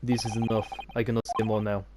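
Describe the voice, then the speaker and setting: A man voicing a gruff, hostile male ship guard in a mock Russian accent, speaking curt broken English, as a game character voice, with steady noise in the background. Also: fairly low pitch, fast, natural voice. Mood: stern. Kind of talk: let's-play character voice.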